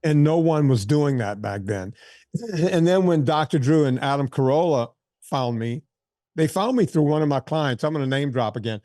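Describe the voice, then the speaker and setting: A man in his sixties, a fitness trainer telling stories in a casual interview, animated and full of quoted asides and restarts. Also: on the high side, normal speed, no echo, studio quality. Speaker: fitness trainer and podcast guest.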